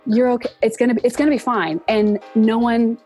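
A woman in her forties, a guest in a casual interview, talking earnestly and reflectively and acting out quoted speech with lively pitch jumps. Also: a little fast, faint music behind. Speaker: interview guest, entertainment production professional.

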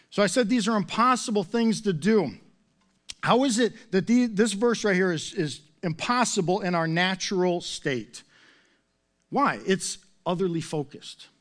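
The man's voice is high and a bit bright. Middle-aged and serving as pastor, he delivers a conversational sermon full of rhetorical questions and humor that pokes fun at himself.

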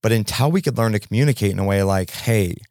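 Middle-aged male host, lowish voice, chatty and rambling, dry close mic. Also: quick pace, dry recording. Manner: animated storyteller with fillers and repetitions. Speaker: podcast host. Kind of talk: casual interview conversation.

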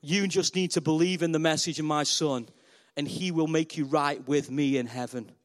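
A man's voice: high voice, normal speed, gravelly, fairly bright tone. A man voicing God as a loving, fatherly male figure who speaks in a tender, reassuring, declarative way.

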